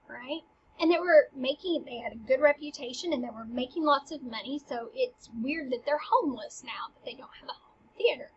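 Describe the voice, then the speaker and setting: A woman's voice: high-pitched, moderate pace. A young woman teaching a casual literature lesson, chatty, full of slang and "like". The recording is dull and lo-fi. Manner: chatty, uses slang and "like" a lot.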